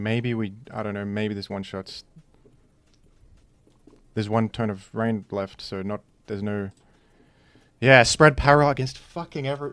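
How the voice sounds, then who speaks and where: A man's voice: mid-range voice, fairly bright tone. Trash-talking young man commentating a game. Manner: mock-boastful trash talk, rambling asides. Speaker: competitive game player. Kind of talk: casual live gameplay commentary.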